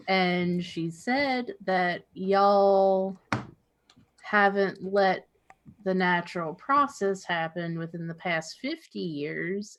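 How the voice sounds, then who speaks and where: A woman playing in a tabletop game, mid-pitched and insistent. She explains herself in a steady, pressing way. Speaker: player. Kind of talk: casual tabletop play.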